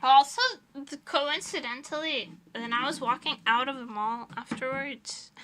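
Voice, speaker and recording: A woman's voice: high-pitched, steady tone, a little slow, pushed and bright, slight background noise. A young woman streamer chatting casually while doing her nails, telling stories with dramatic retellings and lots of laughter. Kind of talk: casual chat while doing nail art.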